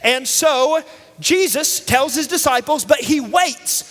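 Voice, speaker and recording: A man telling a Bible story to children in lively style, energetically calling for the audience to answer back. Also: very high-pitched, slow. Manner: energetic, calls out for audience responses. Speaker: children's minister. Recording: long reverb from a large hall.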